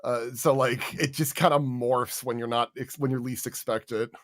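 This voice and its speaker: A person from Pennsylvania speaks at a mid pitch, talking fast and rambling with fillers. The delivery is casual and conversational. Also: fairly even intonation, no room sound, studio quality. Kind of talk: casual group chat.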